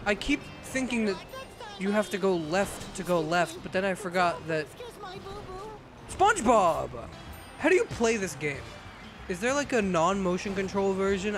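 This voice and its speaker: Excitable man commenting on gameplay. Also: high voice. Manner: excitable, often breaking into laughter, shouting at the game. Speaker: gaming video creator. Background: game music.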